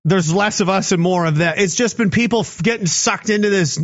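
A man's voice: high voice, brisk, lo-fi sound. A man in his thirties in a rambling, sarcastic casual monologue, swearing and laughing often. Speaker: commentator.

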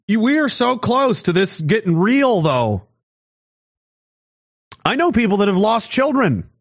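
A man in a heated, profane, sarcastic political rant. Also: very high voice. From Canada. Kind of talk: angry political rant to camera. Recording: dull lo-fi audio.

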